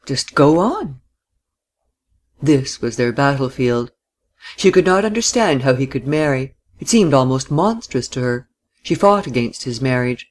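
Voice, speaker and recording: A man reading a literary novel aloud in measured, scripted narration. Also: mid-range voice. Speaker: audiobook reader.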